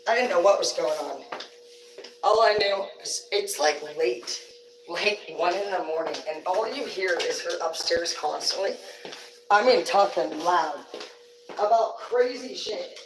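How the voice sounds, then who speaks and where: A woman's voice: fairly low pitch, measured pace, noisy background. Cursing woman telling stories on a stream. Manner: profane, rambling, blunt. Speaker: livestream host. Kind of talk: casual storytelling on a livestream. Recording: roomy sound, distant from the mic.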